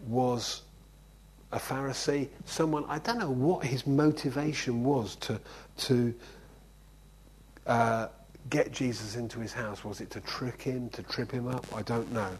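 A man preaches an informal, conversational sermon, frequently checking in with "okay?" His mid-range voice is unhurried with a breathy edge, and the audio quality is poor.

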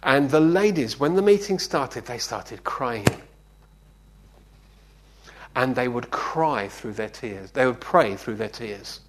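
A man preaching in a relaxed, storytelling way, his voice rising and falling widely. He speaks slowly and often pauses to check that his listeners are following him. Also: mid-range voice. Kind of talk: conversational sermon with anecdotes.

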